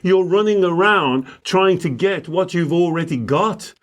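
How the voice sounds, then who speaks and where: A man's voice: sits high, measured pace. A man who works as a spiritual coach, teaching emphatically in conversation and acting out exchanges with clients. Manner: emphatic, acts out client dialogues.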